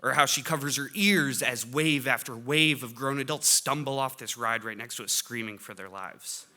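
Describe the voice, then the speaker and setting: A middle-aged man telling a comic family story on stage, animated, with loud bursts of excitement. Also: mid-range voice, normal speed. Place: stage before a live audience.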